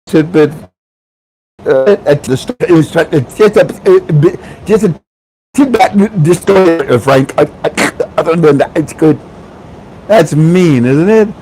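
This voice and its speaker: A man's voice: fairly high pitch, slow pace, darkish tone, faint music behind, rough recording. A man hosting a casual livestream, chatting with viewers, joking and laughing often. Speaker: livestream host.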